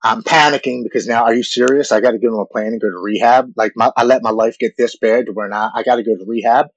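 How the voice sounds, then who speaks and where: A man in his forties telling a deeply personal story in an earnest, halting way, often repeating words when moved. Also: fairly even intonation, poor audio. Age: 40s.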